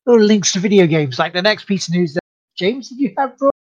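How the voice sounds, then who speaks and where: A man co-hosting a gaming stream, wry and quick to laugh at his own jokes. His voice is husky and the mic sounds dull and lo-fi, with a dry close feel. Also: sits high, lively intonation, a little mellow, no room sound. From United Kingdom. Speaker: co-host of a gaming stream show. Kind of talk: casual joking chat.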